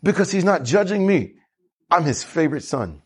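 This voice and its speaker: Male pastor, lively sermon delivery, slightly raised pitch, husky texture. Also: normal speed. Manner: animated preaching with congregation call-and-response.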